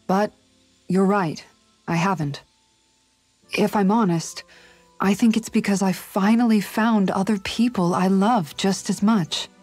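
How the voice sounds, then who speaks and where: An actress voicing a calm, caring young woman and older sister who speaks thoughtfully, in a video game. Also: medium pitch, measured pace, breathy edge, dry recording, faint music behind. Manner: gentle, thoughtful, soft-spoken.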